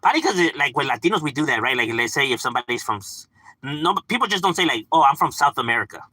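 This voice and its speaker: A man talks loosely to his stream viewers, his pitch swinging up and down as he goes. His voice is bright and forward, and it sounds close and dry with no room echo. He swears casually and laughs easily. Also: very animated, fast talker, breathy edge. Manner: loose and profane, laughs often, lots of fillers; chatting back to unseen viewers. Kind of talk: casual live-stream chat.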